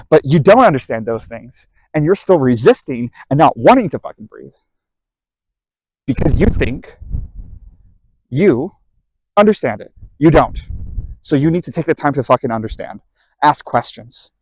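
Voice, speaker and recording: In a profanity-laced motivational monologue on processing emotions, a self-help speaker gets heated and blunt. His voice is a little high and darkish, animated at a moderate pace. The rough recording has no room sound.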